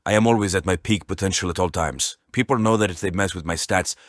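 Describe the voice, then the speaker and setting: A man's voice: deep voice, fast talker, dry recording, clean studio sound, pitched below the performer's own voice, close to an everyday voice. A man voicing a menacing Soviet rifle in a mock Russian accent.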